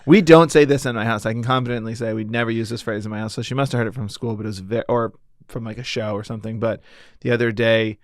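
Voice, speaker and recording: Dad on a podcast telling candid parenting stories, dry close mic. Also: male voice, medium pitch, steady tone, fast talker, no echo. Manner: candid, storytelling with quoted voices. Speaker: podcast co-host, father. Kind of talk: casual chat.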